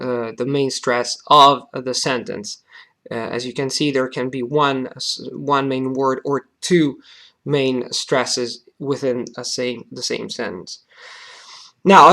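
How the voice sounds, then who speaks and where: A man's voice: medium pitch, a bit bright. Hesitant Italian-accented man teaching. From Italy. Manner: hesitant, many fillers and restarts. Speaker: language teacher. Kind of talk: explanatory video lesson.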